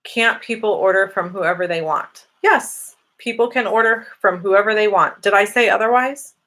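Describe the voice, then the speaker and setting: A woman's voice: medium pitch, moderate pace, fairly bright tone. A woman hosting a casual live Q&A, chatty and upbeat as she reads out viewer comments and answers them. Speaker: host answering viewer questions. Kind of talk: casual live-stream Q&A chat.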